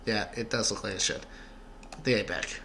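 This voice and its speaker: Bright-voiced joking gamer man. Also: fairly low pitch, steady tone, normal speed, creaky, slight background noise. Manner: rambling, joking. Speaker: let's play gamer. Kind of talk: let's play commentary.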